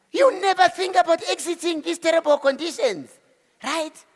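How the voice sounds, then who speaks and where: A South African man in his forties giving an animated motivational talk to a live audience, telling his story and acting out the voices of the people in it. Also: very high voice, normal speed. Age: 40s. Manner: animated storyteller who acts out quotes and exclamations. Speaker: keynote speaker. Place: event hall. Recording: hall reverb.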